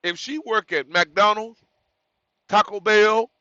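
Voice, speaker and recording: A man's voice: sits high, takes it slowly, bright, forceful tone, dry recording, lo-fi sound. A man who drives trucks, giving new drivers frank, rambling advice in a casual vlog, correcting himself and repeating words as he goes.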